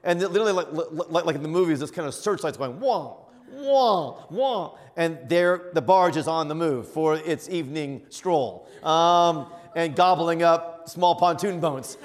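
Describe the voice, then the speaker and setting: A man's voice: fairly high pitch, moderate pace, hardly any pauses. A middle-aged man preaching as a bishop, telling a funny story with laughter and acted-out voices. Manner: animated, laughing, acts out voices. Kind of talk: storytelling sermon. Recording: reverberant hall.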